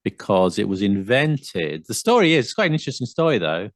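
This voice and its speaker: Gravelly low-voiced man, playful chat. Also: sing-song, brisk, dry recording, studio quality. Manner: playful, jumps into put-on accents. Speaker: podcast co-host. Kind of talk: casual chat.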